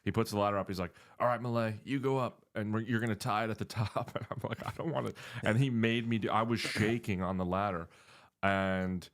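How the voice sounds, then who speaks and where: A man's voice: lowish voice, fairly quick. A young man from New Jersey, hosting a podcast and telling laid-back stories full of filler words. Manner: relaxed storytelling with laughs and filler words. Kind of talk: casual chat.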